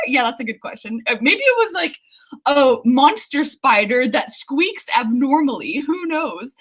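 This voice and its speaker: A woman's voice: high-pitched, measured pace. A young woman chatting casually on a livestream from her apartment, giggling often and reading viewer comments aloud. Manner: giggly, excitable, laughs often. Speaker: author livestreaming writing sprints.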